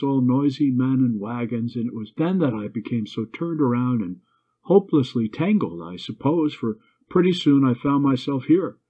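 A proud, self-willed schoolgirl from an old storybook, voiced by a man reading aloud. The voice sits higher than his own and stays husky. The sound is narrow and tinny, like a phone line. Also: lightly acted. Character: proud, willful young schoolgirl lost in fog.

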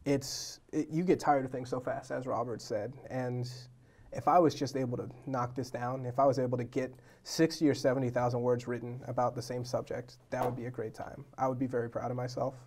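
A man's voice: mid-range voice, a little fast. A young man chatting as a guest on a casual talk show. He tells stories with energy and slips into quoted voices as he goes. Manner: animated storyteller, acts out quotes. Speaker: novelist guest.

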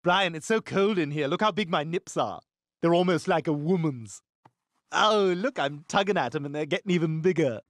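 A man's voice: fairly high pitch, moderate pace, dry recording, studio quality, close to an everyday voice. An actor voicing a precocious, scheming infant boy in a cartoon, with prim, theatrical diction and overdramatic outbursts. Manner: shrieks in disgust, overdramatic. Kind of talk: cartoon voice acting.

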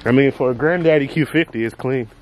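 A man's voice: medium pitch, fast talker. A young man vlogging casually from his car, talking in loose, slangy chat with plenty of fillers. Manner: laid-back slangy talk, loose fillers. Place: driving in a car and outdoors. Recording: loud road noise behind. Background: car and street noise.

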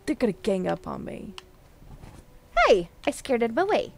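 A woman's voice: mid-range voice, expressive, normal speed, slight background noise. A woman streaming a game live, talking to her viewers, jumpy and frightened, squealing and laughing nervously. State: scared.

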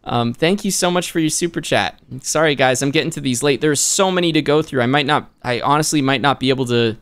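A man hosting a livestream, excitedly reading out viewer donations, talking quickly and laughing often. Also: mid-range voice, clean tone. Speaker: streamer and voice actor.

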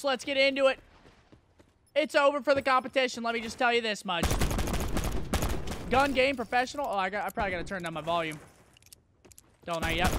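Over some background noise, a gaming YouTuber with a high-pitched voice gives live commentary on his play. He hypes himself up, trash-talks his own mistakes, and breaks into sudden outbursts.

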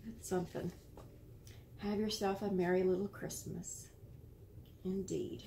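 An American woman hosting a casual show-and-tell of handmade cards, admiring and gentle, sometimes searching for words. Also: mid-range voice, level tone, unhurried, creaky, a little hiss or hum. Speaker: card-making channel host.

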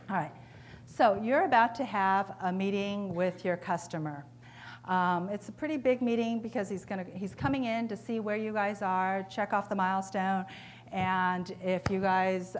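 A woman's voice: fairly low pitch, slight background noise. A woman giving a conference keynote, talking in a conversational way and putting questions to the audience. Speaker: keynote speaker. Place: conference hall.

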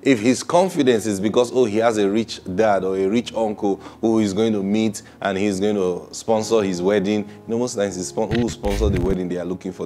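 Animated preacher man. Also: fairly low pitch. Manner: animated, acts out quoted people, repeats words. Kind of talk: sermon.

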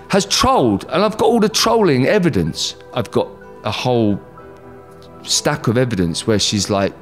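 A middle-aged man from England, a guest in an interview, talking candidly with emphatic, heated bursts and jokey asides. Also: mid-range voice.

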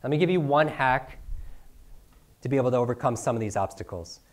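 A man's voice: medium pitch, brisk. A middle-aged man teaching a seminar to a live audience, firing off rhetorical questions and tagging lines with "right?". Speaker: speaker teaching speed reading. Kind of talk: energetic live seminar talk.

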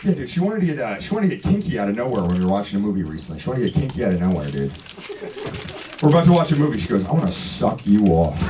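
A man's voice: on the low side, big pitch swings, very fast, very noisy. A young man hosting a comedy club, telling stand-up jokes in a casual, laughing way. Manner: laughing often, casual, says "dude" a lot. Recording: distant mic, loud crowd. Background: crowd.

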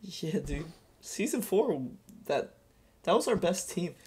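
A young man hosting a casual gameplay commentary with a friend, energetic and swearing freely. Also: high voice, slow pace, breathy edge. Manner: energetic, loud, swearing banter. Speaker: gaming channel host.

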